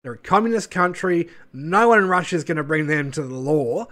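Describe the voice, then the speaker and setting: A man's voice: on the high side, lively intonation, brisk, a bit bright. A man hosting his channel, ranting in a sarcastic, scornful way with many fillers and asides. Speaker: channel host. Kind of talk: ranting commentary video.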